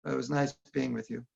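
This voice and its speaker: A man's voice: medium pitch, creaky, a little mellow, slightly rough. A man giving a casual workshop talk over a video call, asking his listeners questions as he goes. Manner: conversational, asks the audience questions. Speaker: workshop teacher. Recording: dull lo-fi online audio.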